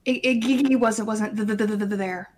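A woman's voice: fairly high pitch, moderate pace, a little mellow, close to an everyday voice. A woman voicing a timid underling in a tabletop game who stammers and pleads. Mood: nervous pleading. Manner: stuttering, pleading.

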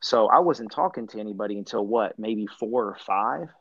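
A young man from Central Illinois with a slight country twang, a podcast guest telling his stories in a lively, laughing way. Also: fairly low pitch, normal speed, no echo. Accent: rural Midwestern US, slight country twang. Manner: animated storyteller, laughs often. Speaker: podcast guest, former basketball player. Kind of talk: casual chat. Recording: dull, muffled audio.

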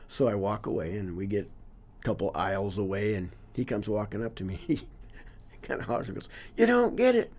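A man's voice: on the low side, steady tone, brisk, a little mellow. A man in his sixties, a longtime teacher and coach, talking earnestly in a casual interview and trailing off with loose fillers. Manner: earnest and reflective, trails off with "you know, whatever".

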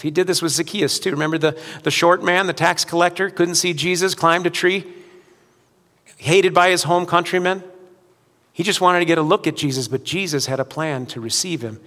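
Male pastor, high bright voice, sermon in a reverberant hall, alternates loud and hushed delivery. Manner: swings from loud preaching to quiet, soft-spoken appeals.

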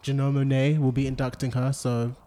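Man, podcast co-host, casual chat, mid-pitched voice, laid-back delivery. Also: little pitch movement, a little fast, mellow. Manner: conversational, presents news items with fillers.

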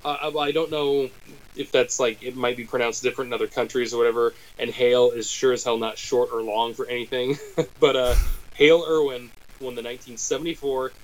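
An American man chatting on a podcast, animated and rambling, with quick asides and restarts. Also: mid-range voice, low-quality recording. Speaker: podcast co-host. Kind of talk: casual chat.

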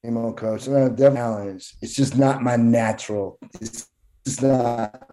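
Mellow-voiced man in casual chat. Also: medium pitch, steady tone, normal speed.

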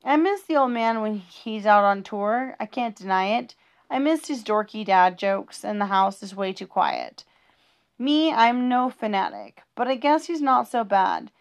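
A woman's voice: medium pitch, sing-song, unhurried. A woman reading humorous rhyming children's poems aloud in a playful, sing-song rhythm.

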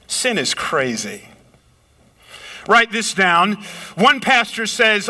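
Man, middle-aged, pastor, sermon, high-pitched, very bright tone, emphatic swings. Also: big pitch swings. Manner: preaching with sudden pitch swings, slowing and shouting for emphasis. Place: lives in a big city apartment.

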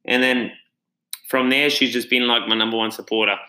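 A man's voice: medium pitch, level tone, a little fast, sharp tone, low-quality recording. An Australian man who runs a gym tells his own story in a casual, earnest and reflective way. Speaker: gym owner and trainer.

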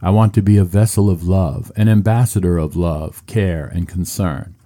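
A man's voice: sits low, normal speed, mellow, no room sound, lightly acted. A man imitating an emotional male movie star who speaks in an earnest, overwrought way.

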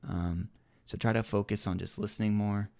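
A man with a gravelly, dark voice and a slight Southern American accent, co-hosting a casual podcast. He rambles through his thoughts with plenty of fillers, and his delivery is fairly flat, recorded close and dry. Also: on the low side, normal speed, no echo. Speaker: podcast co-host.

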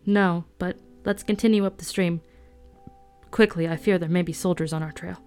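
A woman voicing a tired, worried young man who speaks quietly and earnestly. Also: fairly low pitch, fairly even intonation, normal speed, soft background music, close to an everyday voice.

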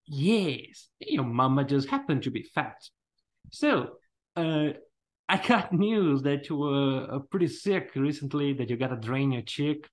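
A man's voice: mid-range voice, lively intonation, a little slow. A man hosting a podcast, chatting casually and teasing his co-host, often laughing. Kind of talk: casual chat.

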